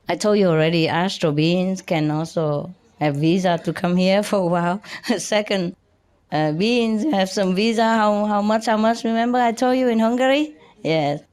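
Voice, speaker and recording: An older woman giving an informal spiritual talk in simple, halting English, chatty and often laughing. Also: lowish voice, darkish tone. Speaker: spiritual teacher.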